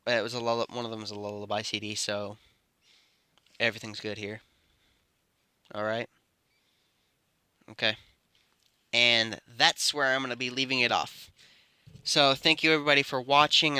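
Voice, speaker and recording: A man's voice: mid-range voice, steady tone, moderate pace, pauses often, sharp tone, clear, resonant tone, no echo. A man telling an improvised fan story, rambling and correcting himself as he goes. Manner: rambling, self-correcting narration. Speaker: YouTube storyteller.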